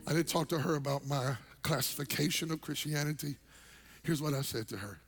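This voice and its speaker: Gravelly, animated preacher man. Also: on the high side, fairly quick, faint music behind. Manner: animated, comedic storytelling, swings loud and soft. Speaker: pastor. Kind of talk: storytelling sermon.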